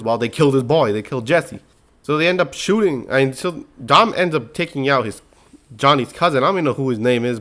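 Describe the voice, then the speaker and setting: A young man talks through a film's plot in loose, slangy speech. He keeps an animated storyteller's energy and jumps into quick impressions of the characters. His voice sits at an ordinary middle pitch. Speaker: movie recap host. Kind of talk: casual movie recap.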